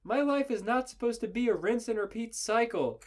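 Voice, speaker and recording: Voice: mid-range voice, lively intonation, moderate pace, pitched above the performer's own voice, close to an everyday voice. A podcaster voicing a whiny, fed-up teenage boy hero who complains at length.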